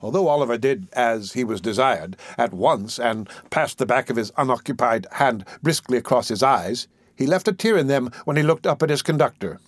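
A man reading a classic novel aloud in a measured, formal storytelling manner. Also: mid-range voice, expressive, no room sound. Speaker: narrator. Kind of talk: scripted narration of a classic novel.

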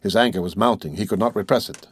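A man narrating a novel in a steady, measured reading. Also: fairly low pitch, slightly rough, no echo. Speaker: audiobook narrator. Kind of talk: scripted narration.

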